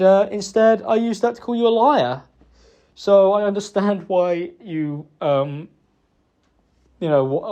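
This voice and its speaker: Young man, tearful apology, halting and self-blaming, high mellow voice. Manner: halting, self-reproachful, hesitant with many fillers. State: emotional, close to tears. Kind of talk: emotional personal apology. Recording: dull lo-fi recording.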